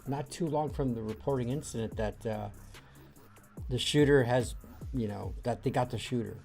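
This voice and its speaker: A man's voice: medium pitch, normal speed, creaky, darkish tone, soft background music. A man hosting a livestream, chatting loosely and swearing, with lots of fillers like dude and bro. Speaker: livestream host. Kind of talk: casual livestream chat.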